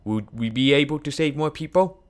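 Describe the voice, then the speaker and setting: A man reading a game aloud, voicing an older male scientist mentor who speaks in a quiet, measured, sorrowful way. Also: fairly high pitch, lively intonation, clean tone, natural voice. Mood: reminiscing.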